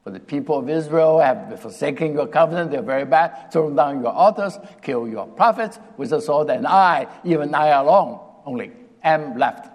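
A man's voice: on the high side, expressive, normal speed, voice pushed up. A man voicing a grown male prophet who complains insistently about himself, in a sermon retelling. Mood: complaining. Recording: long reverb of a hall.

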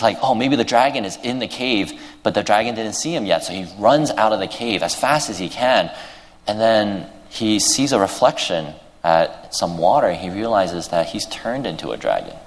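Deep-voiced man preaching in a hall. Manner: earnest storytelling with many fillers and restarts. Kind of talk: sermon. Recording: long reverb in a large hall.

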